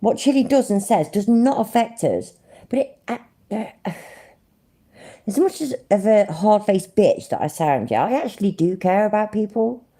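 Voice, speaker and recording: On her livestream, a woman from Britain reacts to clips with sarcastic, profanity-laced ranting. She speaks British English at medium pitch and normal speed, sounding animated yet mellow.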